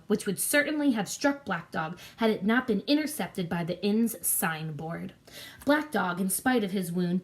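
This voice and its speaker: A woman narrating a classic adventure story in a clear, measured reading voice. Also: medium pitch.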